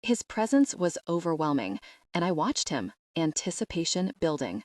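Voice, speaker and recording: A woman narrating a first-person romance audiobook in a soft, intimate, measured read. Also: low-pitched, big pitch swings, dry recording, clean studio sound.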